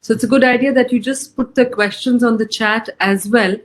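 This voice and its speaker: A woman moderating an online Q&A session, speaking politely and filling pauses with "uh". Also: on the high side, steady tone. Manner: polite, courteous, fills pauses with "uh". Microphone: video call. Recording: loud background noise on a call.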